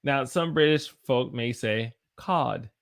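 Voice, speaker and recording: An animated man with a medium-pitched, fairly bright voice and a Southern US accent teaches English pronunciation. He goes slowly, repeating demonstration words over and over, and answers viewer comments in a chat.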